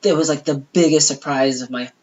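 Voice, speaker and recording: Very low-voiced woman telling a rambling story. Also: fairly even intonation, fairly quick, a little mellow, lo-fi sound. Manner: rambling, full of "you know" and "like", swears freely. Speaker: podcast co-host. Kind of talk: casual storytelling chat.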